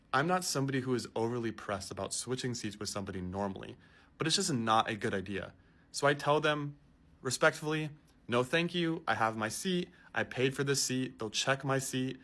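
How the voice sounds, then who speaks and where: A man's voice: medium pitch, a bit bright. A man telling a story in a casual, exasperated and incredulous way.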